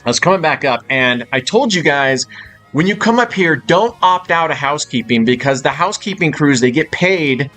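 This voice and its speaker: A man's voice: a little high, expressive, moderate pace, fairly bright tone, soft background music. A man chatting loosely on a live stream from a hotel suite, swearing freely as he rambles. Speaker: casino live-stream host.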